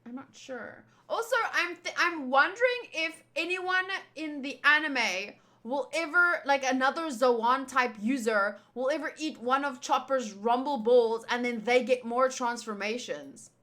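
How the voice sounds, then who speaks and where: A woman reading through a manga and reacting to it in casual, excitable fan commentary, often laughing. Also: sits high, a little slow.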